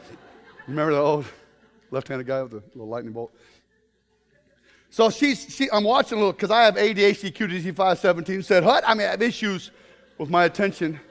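A man preaching a humorous sermon to a congregation, telling stories in an animated way with bursts of shouting. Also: sits high, quick pace, long pauses, long reverb tail. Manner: animated storytelling with comic shouted outbursts. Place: congregation in a room.

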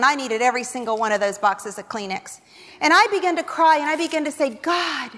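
Woman speaker, high voice, humorous testimony sermon, self-mocking storyteller, big hall reverb. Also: pushed and bright. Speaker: speaker at a Christian women's gathering. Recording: long reverb of a large hall.

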